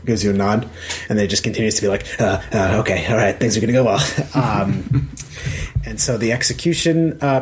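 Rambling man narrating a tabletop game. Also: mid-range voice. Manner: loose, filler-heavy narration with many restarts. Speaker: dungeon master.

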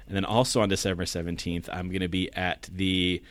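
Lowish laughing man, dry mic. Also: flat delivery, fairly quick, no room sound. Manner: laughs often, loose and joking. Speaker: podcast co-host. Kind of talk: casual podcast chat.

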